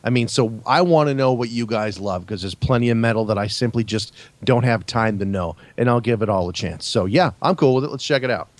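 A man's voice: mid-range voice, brisk, hardly any pauses, no room sound. A man co-hosting a podcast, joking dryly and starting with hesitations. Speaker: podcast co-host. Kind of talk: casual chat.

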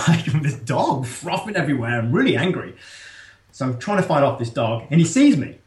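A man with a British accent, a guest telling a story in casual conversation, animated and often laughing. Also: medium pitch, brisk, roomy sound.

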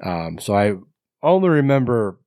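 Sweary dude trashing a movie on a podcast, bouncy pitch, dead dry mic. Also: male voice, very animated, moderate pace, darkish tone, no echo. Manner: blunt, swears a lot, mocking. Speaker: podcast co-host. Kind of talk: casual movie review chat.

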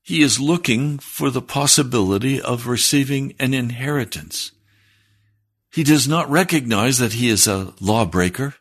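A man with a husky voice preaching a sermon, earnest and building to fervent emphasis. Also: mid-range voice, moderate pace, fairly bright tone.

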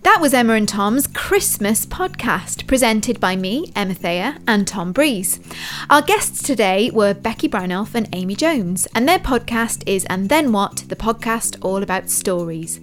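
A cheerful woman co-hosts a podcast, her voice sitting at an ordinary middle pitch. She banters playfully with her co-host before reading out a closing credits list. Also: expressive, measured pace, few pauses, soft background music. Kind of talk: casual chat and scripted outro.

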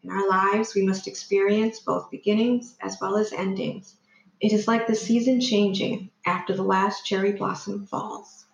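A woman reading the part of a solemn, gentle father who runs a newspaper, in a quiet, measured, reassuring way. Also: medium pitch, flat delivery, creaky, echoey room, close to an everyday voice, rough recording.

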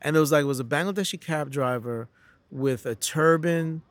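Guesting as a comedian in a laid-back interview, a middle-aged New Yorker spins stories, performing the quotes with lots of restarts. His voice runs on the high side at normal speed, with no room sound.

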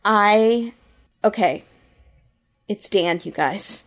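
A woman's voice: mid-range voice, drawn-out words. A woman co-hosting a casual podcast, talking in a playful, conversational way. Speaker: podcast co-host. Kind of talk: casual chat.

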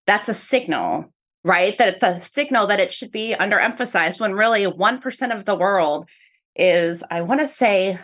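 A woman's voice: medium pitch, normal speed, a bit bright. Woman, professor, earnest, explanatory, interview answers. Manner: earnest, explanatory, repeats "really" often. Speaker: professor of speech-language pathology.

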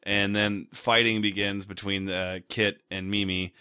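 Male podcast co-host, young, wry and profane, bright tone with a dry close-mic sound. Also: lowish voice, little pitch movement, measured pace, clear, resonant tone, no echo. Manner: profane, laid-back, wry. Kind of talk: casual movie recap chat.

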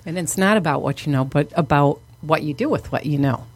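A woman's voice: low-pitched, a little fast, husky. A woman co-hosting a podcast in a casual, affirming way with some playful teasing. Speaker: podcast co-host. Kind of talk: casual chat.

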